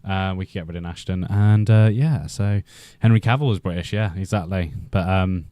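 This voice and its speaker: Low, mellow-voiced Welsh man chatting. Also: fairly even intonation, normal speed, clean tone, no echo. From Wales. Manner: rambling, chatty, many fillers and restarts. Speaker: livestream host. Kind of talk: casual live-stream chat.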